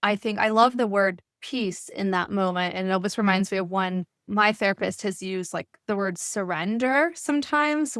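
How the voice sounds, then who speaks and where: A woman's voice: mid-range voice, a bit bright, no echo, studio quality. A woman hosting a podcast interview, thinking aloud in a rambling, self-correcting way. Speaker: podcast host.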